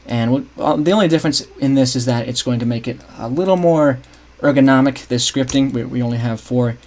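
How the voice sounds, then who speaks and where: A man's voice: mid-range voice, brisk, a little mellow. Young man, casual stream talk, thinks aloud, keyboard clicks. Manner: thinks aloud, restarts often, chats with viewers. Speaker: streamer building a game map. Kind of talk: casual livestream commentary.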